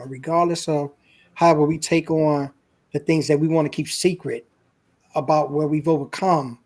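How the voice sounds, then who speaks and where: A man's voice: fairly high pitch, fairly even intonation, normal speed, darkish tone. A man, a guest on an interview show, earnestly telling a personal story in a casual, emotional way.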